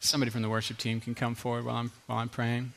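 A middle-aged male pastor preaching with emphatic repetition, sometimes dropping to a quiet hush. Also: medium pitch, completely flat delivery, very fast, gravelly. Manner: earnest, emphatic, repeats phrases, drops to a quiet hush. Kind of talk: sermon.

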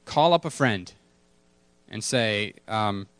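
A man's voice: lowish voice, lively intonation, slow pace, a bit bright, smooth, dry recording. A man preaching a casual sermon to his congregation, candid and self-deprecating, repeating key words for emphasis. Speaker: pastor.

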